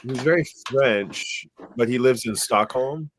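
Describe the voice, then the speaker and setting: A middle-aged man co-hosting a podcast, telling stories in a rambling, animated way with lots of fillers. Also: mid-range voice, unhurried, slight background noise. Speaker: podcast co-host. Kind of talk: casual chat.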